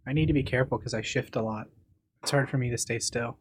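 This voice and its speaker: A man of middle pitch co-hosting a podcast, chatting loosely and joking with his friend. He tells funny stories, breaks into bits of song and admits he shifts around a lot. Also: steady tone, quick pace, slightly rough, no room sound. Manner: joking, sings song snippets, restless. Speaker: podcast co-host. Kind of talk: casual chat.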